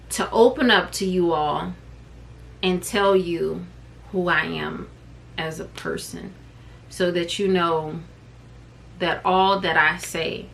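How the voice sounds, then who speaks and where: Bright-voiced woman telling her story. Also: lowish voice, vocal fry. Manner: chatty, expressive, prone to tangents and laughter. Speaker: vlogger; mother. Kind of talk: candid personal storytelling to camera.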